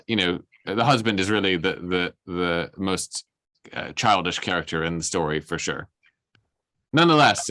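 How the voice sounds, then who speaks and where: A man's voice: on the low side, a bit bright, no echo. A man teaching a class in a casual, conversational way, often asking "right?" and acting out the characters' lines. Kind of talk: informal lesson retelling a story.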